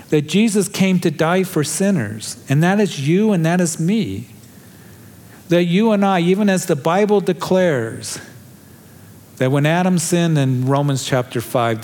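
A man's voice: fairly high pitch, a little mellow. A man preaching a sermon, earnest and emphatic, pressing his appeals with rising conviction. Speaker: pastor.

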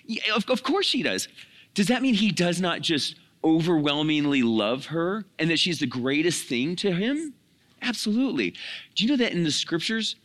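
Young male youth pastor, casual storytelling sermon, halting and chatty. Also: a little high, a bit bright. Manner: storytelling, conversational, many restarts and fillers.

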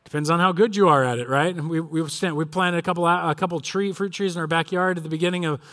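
A man's voice: fairly high pitch, steady tone, fast, a bit bright. A male pastor preaching a sermon in an earnest, emphatic way, drawing out key phrases.

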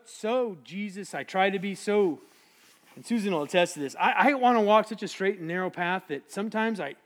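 A middle-aged man preaching a casual, jokey sermon, acting out voices from the Bible. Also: high voice. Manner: animated, jokey, acts out biblical voices.

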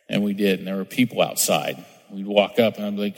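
A man's voice: on the low side, fast, few pauses. A middle-aged man preaching a sermon as pastor, conversational and storytelling, acting out quotes in different voices. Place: church sanctuary. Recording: long hall reverb.

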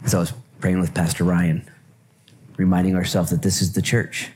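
Lively, joking male pastor preaching. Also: low voice, moderate pace, a little hiss or hum. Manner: lively, joking, repeats phrases for emphasis. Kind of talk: sermon. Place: church service.

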